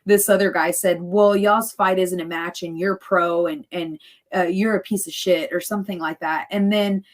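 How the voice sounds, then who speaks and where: A woman's voice: lowish voice, steady tone, normal speed. A woman in her thirties, a podcast guest, chatting casually and laughing often as she retells what others said to her. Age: 30s. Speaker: podcast guest, fighter and cake baker.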